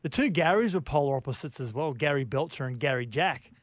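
A man's voice: a little high, lively intonation, a little fast, no echo. A man co-hosting a radio show, chiming in easily and briefly. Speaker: radio co-host. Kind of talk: casual radio banter.

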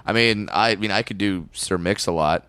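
A man's voice: low-pitched, moderate pace, bright, forceful tone, clean tone, no room sound. A man co-hosting a casual podcast, asking curious and teasing questions. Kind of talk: casual chat.

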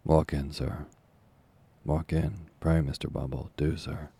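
A man's voice: rumbling low, level tone, takes it slowly, vocal fry, mellow, slightly rough, exaggerated voice. A man doing a fawning, wheedling old nurse. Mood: gushing. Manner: gushing, wheedling, falsely humble. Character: fawning scheming older woman, a workhouse nurse.

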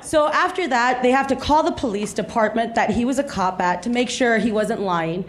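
Woman, 30s, from South Texas, stand-up comedian, high voice, animated storytelling, slips into character voices. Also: normal speed. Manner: animated storytelling, acts out voices, laughs along.

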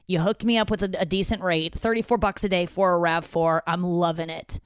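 In a casual solo monologue, a woman comedian from around St. Louis, who does stand-up and hosts a podcast, rambles through a profane story at home in her office, voicing other people's lines. Her fairly low voice is smooth and steady at a fairly quick clip, studio quality with no echo.

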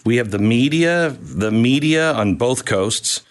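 A man's voice: medium pitch, lively intonation, measured pace. A man hosting an interview podcast, cutting in briefly and then speaking in earnest bursts. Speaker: podcast host. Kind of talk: casual interview conversation.

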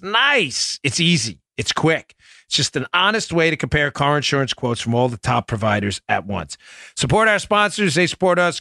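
A man hosting a radio talk show, animated and jokey, with quick asides to his producer. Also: on the high side, dry recording. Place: home studio in Florida.

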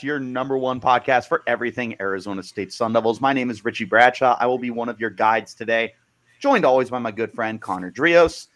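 A man hosting a sports podcast in easy, chatty banter. He talks in a playful, teasing way, with a voice of ordinary middle pitch. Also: brisk, fairly bright tone. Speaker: podcast host. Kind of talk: casual sports podcast chat.

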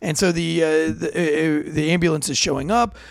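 A man's voice: a little high, normal speed, vocal fry, no echo. A young man, a police officer, casually telling a story from a call and acting out the voices of the people in it. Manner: animated, acts out quoted voices.

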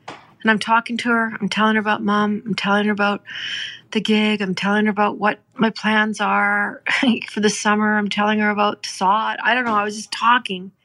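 A middle-aged woman from Canada, hosting a podcast and telling a moving story in an earnest, heartfelt way, slowing down for emphasis. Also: mid-range voice, level tone, bright, forceful tone. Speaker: podcast host. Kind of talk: emotional storytelling.

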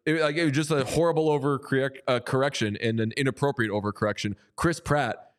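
A young man co-hosting a casual sports podcast, riffing playfully and reading an ad with bursts of excitement. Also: medium pitch, fast, clear, resonant tone. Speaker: podcast co-host. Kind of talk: casual chat and ad read.

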